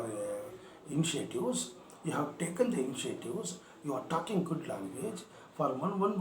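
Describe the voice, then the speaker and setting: A man's voice: fairly high pitch, darkish tone. A man with an Indian English accent, teaching an English lesson with repetition and rhetorical questions. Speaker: English lecturer. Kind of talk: spoken language lesson. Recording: echoey room with faint noise.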